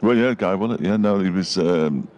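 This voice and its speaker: A man's voice: deep voice, normal speed, a little mellow, muffled recording. A man co-commentating live on cricket, with dry, wry asides, from a windy gazebo at the ground.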